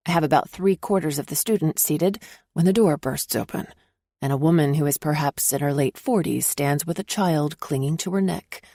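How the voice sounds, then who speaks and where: Expressive female audiobook narrator, low and gravelly, first-person romance. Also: moderate pace, no room sound, studio quality.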